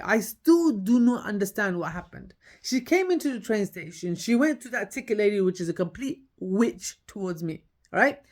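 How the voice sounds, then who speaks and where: Emphatic woman telling her story. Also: fairly high pitch. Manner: emphatic, repeats key points, acts out dialogue. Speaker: podcaster. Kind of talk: casual storytelling monologue.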